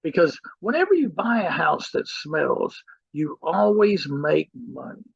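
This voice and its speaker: A man's voice: on the high side, sing-song, unhurried, creaky, breathy edge, dry recording, dull audio. A man teaching real estate through a personal story, acting out the people he quotes. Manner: storyteller who acts out quoted people, repeating "he goes". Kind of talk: anecdotal teaching talk.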